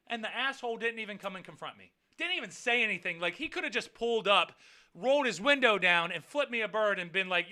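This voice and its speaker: A man with a high-pitched voice tells a personal story straight to the camera in a casual vlog. His tone is bright and a little sharp, full of swearing. He drops into low mutters, then climbs into loud, heated outbursts. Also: fairly quick. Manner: profane, animated, swings from mutters to near-shouting. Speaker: vlogger.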